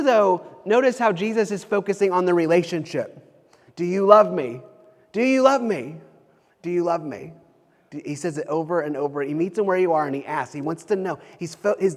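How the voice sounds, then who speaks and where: A man in his thirties, a pastor, preaches in a loose, conversational way. His voice sits a little high for a man, and he often restarts and repeats phrases. The sound carries a long reverb tail, as if from a church sanctuary. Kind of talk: sermon.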